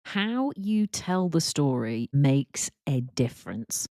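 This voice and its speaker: A woman hosting a casual solo podcast, telling embarrassing work stories and acting out quotes in a higher voice, laughing at herself. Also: slow, dry recording, clean studio sound. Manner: animated, acts out quotes in a higher voice. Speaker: podcast host and work confidence coach.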